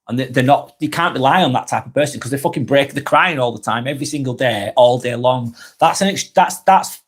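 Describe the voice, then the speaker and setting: Earnest swearing man hosting a live vlog. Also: medium pitch. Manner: earnest, swears freely, many restarts and trailing phrases. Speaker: live vlog host reading chat comments. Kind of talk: casual thinking out loud on a live stream.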